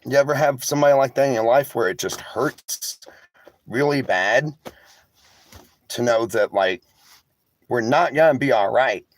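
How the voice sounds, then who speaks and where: A man's voice: mid-range voice, measured pace, long pauses. A tired, emotional man talks to his viewers in a candid, rambling way, sarcastic and swearing freely, from inside a vehicle. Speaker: vlogger. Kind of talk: casual talk to viewers, reading live chat.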